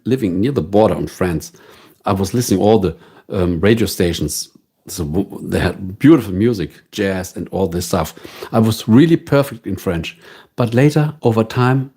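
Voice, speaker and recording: A man's voice: lowish voice, warm tone, husky. A man with a German accent, a native German speaker, chatting casually with viewers as a livestream host and answering their questions.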